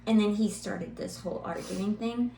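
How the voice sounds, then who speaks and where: A middle-aged woman co-hosting a podcast, telling a family story in a lively, animated way and laughing now and then. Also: mid-range voice, moderate pace, creaky. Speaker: podcast co-host, mother. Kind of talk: casual storytelling chat. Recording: roomy echo, faint hum.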